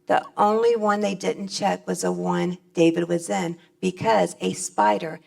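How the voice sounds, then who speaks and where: A woman's voice: on the low side, fairly even intonation, unhurried, creaky, a little mellow. A middle-aged woman speaking on stage at a convention, giving a plainspoken, folksy personal testimony.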